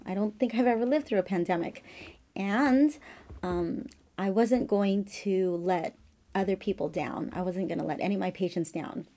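Woman in her fifties, practitioner; warm, mellow tone, earnest and halting delivery. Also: mid-range voice. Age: 50s. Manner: earnest, halting, with many fillers, at times emotional. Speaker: acupuncturist and massage therapist. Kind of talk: personal video message. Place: her office.

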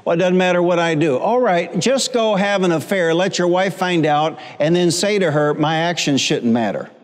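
A man's voice: high-pitched, moderate pace. A middle-aged man, a pastor, preaching a sermon with humor and repetition and calling on the congregation to answer back. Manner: preaching with humor and repetition, calls for audience responses. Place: church sanctuary. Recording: long church hall reverb.

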